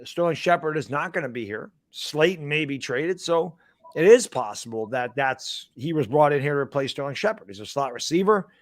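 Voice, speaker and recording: A man co-hosting a live sports talk stream, mostly quick agreement with his partner and then stretches of his own opinion. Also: a little high, animated, dry recording, clean studio sound. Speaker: co-host.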